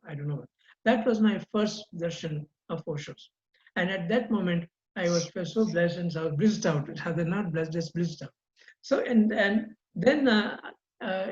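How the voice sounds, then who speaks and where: An older man, a guest recounting personal memories in an earnest, halting way with frequent repeated words. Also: high-pitched. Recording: roomy, dull lo-fi sound.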